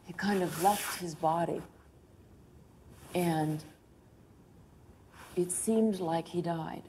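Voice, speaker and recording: A woman telling an emotional story in an interview, animated, gasping and laughing as she goes. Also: lowish voice, very slow, a little hiss or hum.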